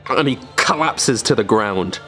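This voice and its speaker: A male game master narrates a tabletop game with animated, varied delivery. Faint music plays behind him. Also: mid-range voice, unhurried. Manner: animated storytelling.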